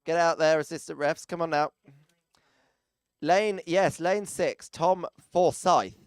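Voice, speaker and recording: Male arena announcer, playful and chatty, smooth higher voice, dry close mic. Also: fairly even intonation, takes it slowly, no echo. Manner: chatty, teasing, jokey asides to people around the arena. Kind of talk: live event commentary.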